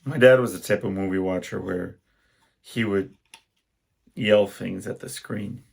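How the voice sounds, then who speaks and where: Hosting his own casual podcast, this young adult man rambles through stories and keeps breaking off to restart sentences. His voice is on the low side, gravelly and husky with a darkish tone, and a little slow.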